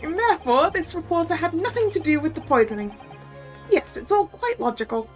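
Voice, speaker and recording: A woman acts out a stately old judge in a courtroom game, pompous and measured. Each word comes slow and formal, over a quiet music bed. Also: extremely high pitch, animated, pitched above the performer's own voice. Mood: solemn.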